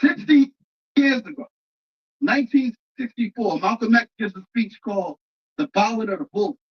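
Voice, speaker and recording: Debater in a played clip: mid-pitched voice, earnest and deliberate, with slightly muffled audio. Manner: deliberate, repeats words as they build a point.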